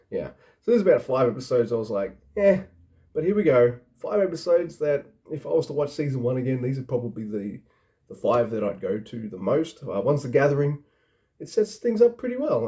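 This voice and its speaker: A man's voice: medium pitch, warm tone. Laid-back rambling man reviewing TV. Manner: rambling, profane, frequent restarts. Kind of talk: casual video review.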